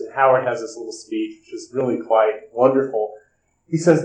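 Male commentator, mid-pitched, discursive film recap with "uh" pauses, roomy echoey sound. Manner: discursive, recounting scenes with frequent "uh" pauses. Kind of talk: spoken film analysis and recap. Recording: roomy echo.

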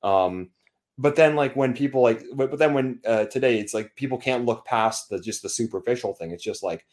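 A man's voice: mid-range voice, fairly quick, darkish tone. A young Canadian man in casual chat, rambling with many fillers and restarts, and laughing often.

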